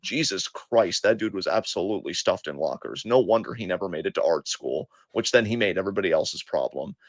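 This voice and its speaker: A man co-hosting a podcast, talking in a fairly low voice. He rants with passion and heavy swearing, mixing anger with self-deprecation. The sound is dry and close, with no room echo. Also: lively intonation, a little fast. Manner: impassioned, profane ranting. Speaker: podcast co-host. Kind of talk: casual podcast monologue.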